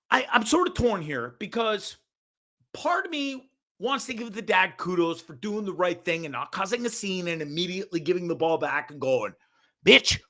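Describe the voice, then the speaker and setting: A man hosting a show, giving ranting commentary on a video in a profane, sarcastic, animated way. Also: high-pitched. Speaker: show host.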